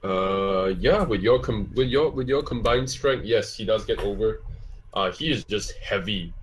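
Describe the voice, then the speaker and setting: A man's voice: lowish voice, measured pace. A man running a tabletop game as game master, narrating scenes in a rambling way with many fillers. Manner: rambling, full of fillers and restarts.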